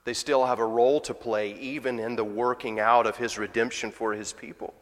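Man preaching, mid-pitched, conversational, rhetorical questions, long church reverb. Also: fairly even intonation, brisk. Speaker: pastor. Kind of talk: sermon. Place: church sanctuary.

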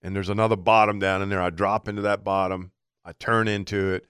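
Male radio co-host who tells long stories vividly; smooth, clear tone, close dry mic. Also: low-pitched, a little fast, no echo. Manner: animated storyteller acting out his own thoughts. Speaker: radio outdoor show co-host. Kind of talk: storytelling on talk radio.

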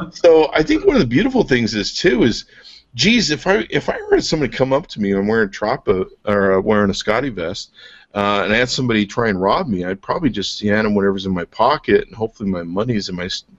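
A man's voice: fairly low pitch, animated, fairly quick. A man hosting a podcast, enthusiastic and joking as he shows off a product, laughing often. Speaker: podcast host. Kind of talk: casual product chat. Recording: dull lo-fi podcast audio.

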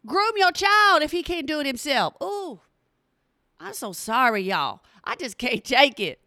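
A woman's voice: high-pitched, very animated, a little slow, sharp tone, no echo, clean studio sound. A middle-aged woman, talking bluntly and playfully straight to her audience in a casual comedic monologue. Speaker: vlogger.

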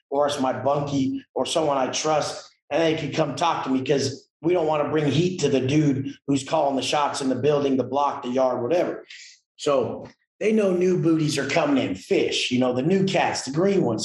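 A man's voice: a little high, roomy sound, low-quality recording. A man telling his story as a podcast guest, emphatic, blunt and full of profanity. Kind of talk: casual interview storytelling.

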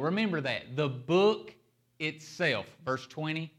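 A man preaching a sermon, stressing key words and shifting his pace and loudness for emphasis. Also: fairly high pitch, very animated, a little slow. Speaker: pastor.

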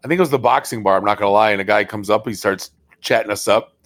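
A man's voice: on the low side, fast talker, no room sound. An American man chatting casually as a podcast co-host, laid-back and joking. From United States. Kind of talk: casual chat.

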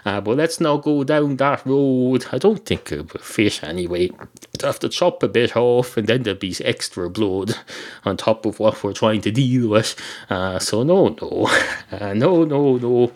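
An Irish man rambles through a comic monologue on his own podcast, meandering from joke to joke. He swears casually and pads his sentences with plenty of "uh"s. His voice sits at an ordinary mid pitch. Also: animated, a little slow. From Ireland. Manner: meandering, swears freely, frequent "uh" fillers. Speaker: podcast host.

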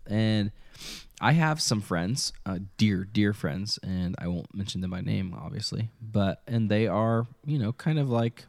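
A man's voice: lowish voice, animated, unhurried, gravelly, no room sound, studio quality. A man co-hosting a podcast, chatting casually and rambling with lots of hesitations. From Midwest of the United States. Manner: rambling, hesitant with many ums. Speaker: podcast co-host. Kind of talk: casual chat.

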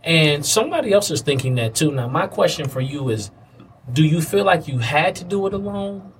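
A male interview host speaks in a thoughtful, affirming way as he frames the guest's story. His voice sits at a middle pitch. He is a little distant from the mic, with faint noise behind him. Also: lively intonation, moderate pace. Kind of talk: interview questions.

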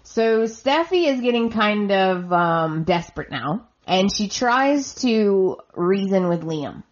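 A woman's voice: medium pitch, very animated, takes it slowly, dull audio. A woman hosting a podcast, casually recapping a soap opera in a chatty way and retelling scenes with quoted lines. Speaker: podcast host.

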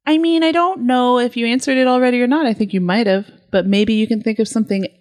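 A woman's voice: on the high side, quick pace, a little mellow, no echo, clean studio sound. A woman hosting a casual podcast, asking questions in a playful, jokey way. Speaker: podcast host.

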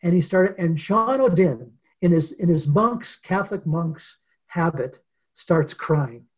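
A man being interviewed as a guest author, telling a story in an earnest, unhurried way with many pauses. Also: on the high side, expressive, husky. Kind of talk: reflective storytelling in conversation.

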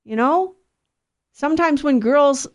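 A woman's voice: sits high, takes it slowly. A middle-aged woman giving an earnest, conversational religious talk, preaching with occasional restarts. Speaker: Catholic speaker.

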